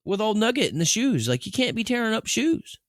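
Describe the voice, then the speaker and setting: A man's voice: high-pitched, very animated, brisk, fairly bright tone, no room sound, studio quality. A man co-hosting a podcast, chatting casually and acting out talks with his pet. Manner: chatty storyteller, acts out talks with his cat. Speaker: podcast co-host. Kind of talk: casual chat.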